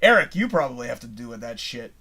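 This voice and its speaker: A fast-talking middle-aged Canadian man with a medium-pitched, slightly rough voice hosts a live show. He rambles through a long story in a casual, spirited way, cursing freely.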